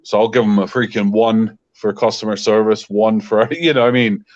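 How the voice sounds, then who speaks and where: A man's voice: on the low side, steady tone, normal speed, darkish tone. Man ranting over dull call audio. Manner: frustrated ranting with many fillers. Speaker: guest. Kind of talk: casual call-in chat.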